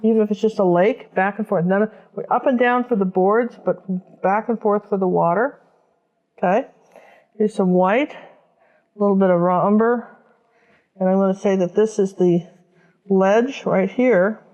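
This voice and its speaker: A woman's voice: mid-range voice, moderate pace, long pauses, darkish tone, lo-fi sound. A woman teaching a step-by-step painting lesson, chatting casually and thinking aloud as she works. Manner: chatty, talks while working, thinks aloud. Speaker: painting instructor.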